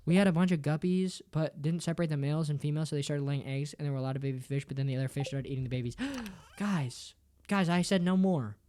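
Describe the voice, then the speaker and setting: A man's voice: a little high, fairly even intonation, quick pace, warm tone. Profane joking male streamer. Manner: crude, profane, joking, reads chat aloud; mock-dramatic, playful teasing. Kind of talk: casual game stream chat. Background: faint game music.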